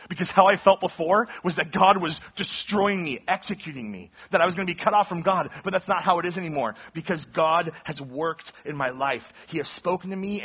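A man's voice: fairly high pitch, breathy edge, muffled recording. A man preaching an earnest sermon, teaching through a passage with emphatic, rising intensity. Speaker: pastor.

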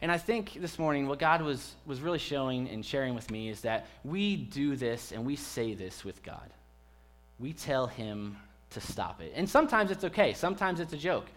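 A man's voice: mid-range voice, animated, moderate pace, a bit bright. Joking, chatty male pastor preaching. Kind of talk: conversational sermon. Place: church.

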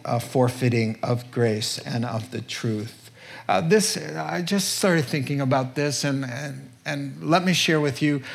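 A man preaching a sermon as pastor, earnest and emphatic, now and then jumping to high, loud bursts.

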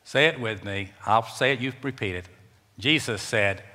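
A man's voice: mid-range voice, normal speed, pushed and bright. A man preaching a sermon as pastor in a church, emphatic and repeating words for stress. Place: church sanctuary. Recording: long reverb of a large church.

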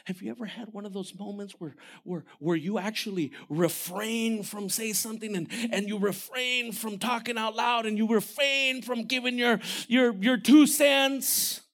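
High-pitched bright-voiced male pastor preaching. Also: normal speed, few pauses. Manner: animated, swings from shouting to near-whisper. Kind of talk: sermon.

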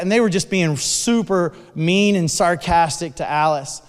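A man telling a sermon story in an animated way, with frequent restarts. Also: high voice, moderate pace, hardly any pauses, clean tone. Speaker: speaker. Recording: long hall reverb.

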